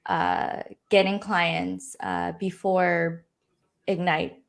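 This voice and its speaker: A woman's voice: lowish voice, very animated, drawn-out words, vocal fry. A woman hosting a live video-call interview, chatty and rambling with many fillers, saying she is losing her voice. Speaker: host.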